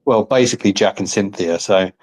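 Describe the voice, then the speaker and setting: A man's voice: lowish voice, a little fast, darkish tone. A man hosting a casual interview, chatty and teasing. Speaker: podcast host interviewer.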